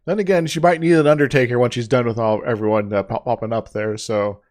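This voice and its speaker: A man's voice: mid-range voice, fairly even intonation, quick pace. A man co-hosting a podcast, jokey and rambling, laughing often in casual chat. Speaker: podcast co-host.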